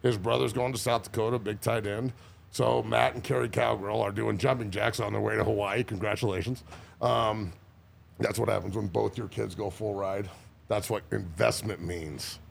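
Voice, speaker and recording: Gravelly, profane former football player. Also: male voice, fairly low pitch, steady tone, moderate pace, a little hiss or hum. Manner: profane, boisterous storytelling with frequent laughs. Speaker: podcast guest, former player. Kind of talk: casual chat.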